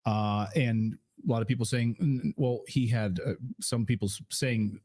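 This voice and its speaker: A man's voice: medium pitch, moderate pace, darkish tone. A man hosting a casual political commentary stream, rambling, with frequent fillers and restarts.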